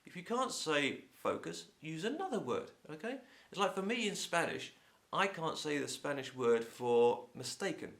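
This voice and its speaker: A man's voice: fairly high pitch, moderate pace, vocal fry, few pauses. A man from England with a Home Counties accent, an English teacher chatting casually to camera with a sore throat and blocked nose. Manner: chatty, opinionated, lively.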